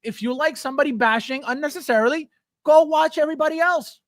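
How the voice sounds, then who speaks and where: A man's voice: very high voice, fast, dry recording, studio quality. A man hosting a livestream, ranting bluntly and with heavy profanity as he reads out and answers viewer chat. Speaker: livestream host. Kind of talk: casual livestream rant.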